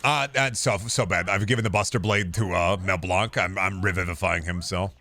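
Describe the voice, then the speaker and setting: A man's voice: low voice, fairly even intonation, normal speed, pushed and bright. A man streaming a game, chatting casually and opinionatedly about movies, swearing often. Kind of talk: casual chat while gaming.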